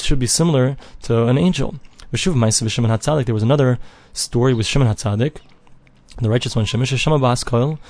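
During a daily page Talmud class, the male teacher reads the text one phrase at a time, then renders it into plain English and explains it. He has a somewhat mellow mid-range voice, and there is no echo.

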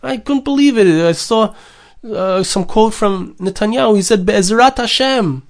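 A man's voice: high-pitched, moderate pace, a little mellow. A man giving a Torah sermon, impassioned, repeating phrases and building to urgent questions. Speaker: rabbi giving a Torah talk.

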